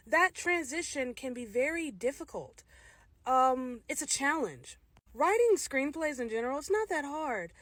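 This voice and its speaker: A woman's voice: a little high, no echo. A woman giving a casual, candid spoken review of a film, opinionated and direct, with frequent restarts.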